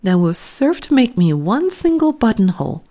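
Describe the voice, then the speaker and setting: A woman's voice: fairly high pitch, big pitch swings, moderate pace, dark tone, voice pushed up. A woman voicing a poor, weary old male tailor in a storybook, lamenting in a raised, fretful voice.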